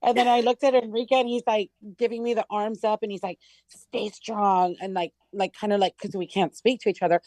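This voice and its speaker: A woman's voice: medium pitch, fairly even intonation, fast talker, few pauses, dark tone, no echo, low-quality recording. A woman guest in casual chat, brash, swearing and laughing as she talks.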